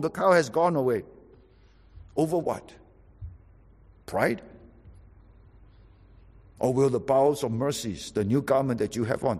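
Male preacher, husky, wide swooping pitch, loud-to-soft emphatic delivery, big reverberant hall. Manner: emphatic, animated preaching with sudden drops to quiet. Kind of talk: sermon.

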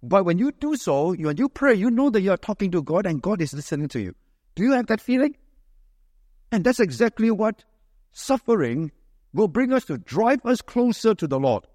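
A man preaching a sermon, with a fairly high voice. He talks conversationally, often tossing a quick "right?" to the congregation. His voice sounds close and dry, yet a long hall reverb trails after it. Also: big pitch swings, a little mellow. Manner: conversational preaching with frequent rhetorical "right?" checks.

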